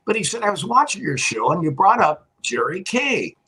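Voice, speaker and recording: A man's voice: high-pitched, very animated, normal speed, pushed and bright, breathy edge, rough recording. An older man, a retired TV weatherman, telling long rambling anecdotes in casual chat and laughing often. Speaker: guest, retired TV meteorologist.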